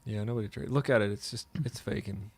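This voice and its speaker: A man's voice: on the low side, steady tone, quick pace, darkish tone, husky, no room sound. A man co-hosting a casual chat, joking and thinking aloud. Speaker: co-host.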